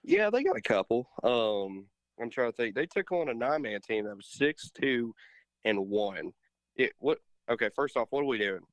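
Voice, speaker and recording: A man's voice: mid-range voice, sing-song, moderate pace, dry recording. A man co-hosting a casual sports talk show, telling jokes and apologizing for them. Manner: joking, self-deprecating asides. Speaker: co-host.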